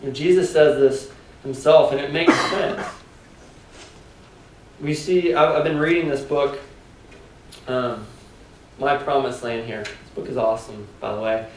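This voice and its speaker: A man's voice: mid-range voice, unhurried, pauses often, slight background noise. A man preaching a sermon as pastor, in a loose, conversational way full of "like" and "kinda", asking the congregation questions. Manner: conversational, filler-heavy preaching with rhetorical questions. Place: church sanctuary. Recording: echoey church hall, mic at a distance.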